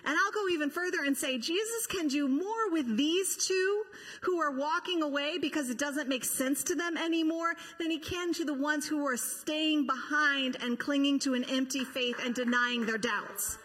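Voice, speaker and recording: A woman's voice: high-pitched, normal speed, fairly bright tone, long reverb tail. A woman pastor preaching a sermon to her church, impassioned and rhetorical, with acted-out quotes.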